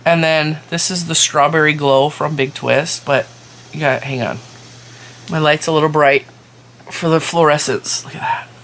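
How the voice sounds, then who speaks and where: A woman with a slightly low voice chats excitedly to her viewers, gushing as she shows off her finds. It is a casual home vlog with a faint hum in the background. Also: moderate pace. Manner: chatty and excitable, gushing over yarn. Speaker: crochet and yarn vlogger. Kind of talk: casual show-and-tell vlog.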